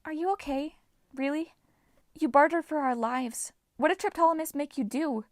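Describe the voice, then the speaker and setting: A gentle teenage girl speaks softly with concern, her voice lifted a bit higher, as a woman narrator voices her. The recording is dry and close. It is an audiobook reading. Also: normal speed, no echo, natural voice.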